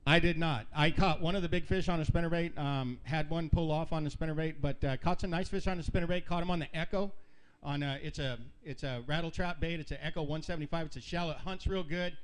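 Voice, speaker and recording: A man telling rambling, animated stories at an outdoor fishing weigh-in, often laughing as he talks. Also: a little high, fast, clean tone. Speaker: tournament angler. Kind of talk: storytelling at a weigh-in.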